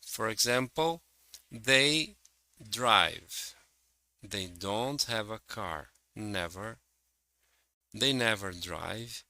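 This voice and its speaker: Male English teacher, very slow and careful, bright forceful tone, walks through examples. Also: fairly low pitch, lively intonation, no echo, poor audio. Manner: slow, careful and explanatory, reading out example sentences. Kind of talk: slow, deliberate grammar lesson.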